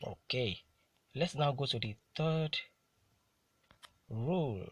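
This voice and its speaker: Slow, deliberate male pronunciation teacher. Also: medium pitch, expressive, slightly rough, lo-fi sound. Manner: repeats each word slowly and deliberately. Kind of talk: slow drilled pronunciation lesson.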